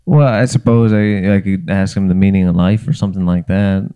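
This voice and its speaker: A man talking as a podcast guest, answering in a hesitant, earnest, deadpan way with plenty of restarts. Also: sits low, a little fast, clean tone, phone-quality sound. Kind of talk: casual chat.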